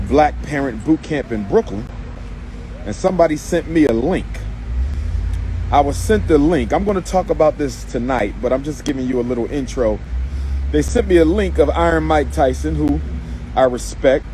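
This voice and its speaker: A man's voice: fairly high pitch, dark tone, slight background noise, low-quality recording. A man giving an emphatic, repetitive, preacher-like live video monologue, speaking from in or near a car outdoors. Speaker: activist livestreamer.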